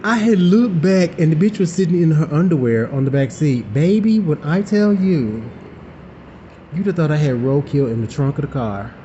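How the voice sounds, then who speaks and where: A man telling a story in a casual, animated way, laughing often and using campy slang. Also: fairly high pitch, normal speed. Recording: dull, lo-fi with faint hiss.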